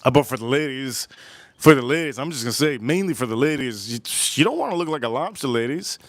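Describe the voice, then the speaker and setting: A medium-pitched, expressive man talks fast in a dry recording. On his Miami cigar review livestream he rambles casually, repeats phrases, and acts out the voices of those he quotes.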